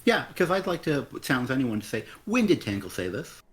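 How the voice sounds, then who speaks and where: A man's voice: medium pitch, big pitch swings, a little fast, fairly bright tone. A man co-hosting a live comic review stream, ranting bluntly and with exasperation, swearing freely. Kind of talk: casual critical chat.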